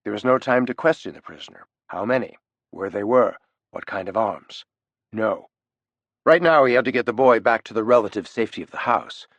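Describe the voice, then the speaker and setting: A man narrating an audiobook thriller with an expressive, animated reading, on a close studio mic. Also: fairly low pitch, a little fast, no room sound. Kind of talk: scripted narration.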